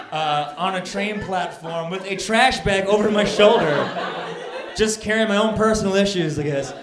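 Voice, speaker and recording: Exasperated male stand-up storyteller, live club. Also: sits high. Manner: storytelling, acts out people, gets loud and exasperated. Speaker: stand-up comedian. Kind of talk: stand-up comedy. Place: comedy club stage. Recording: echoey club with crowd laughter. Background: audience laughing.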